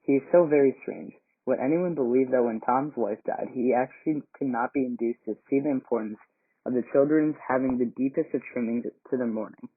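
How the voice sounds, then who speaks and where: A man's voice: mid-range voice, husky, no room sound, close to an everyday voice. A man reading the part of a rigid, fussy older woman who complains indignantly about propriety, in his own voice. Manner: indignant, self-pitying complaint. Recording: tinny phone-like sound.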